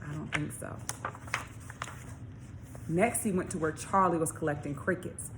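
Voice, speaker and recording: A woman author reading her children's story aloud, expressive, with questions to young listeners. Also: low-pitched, measured pace, background noise. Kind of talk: storybook read-along for children.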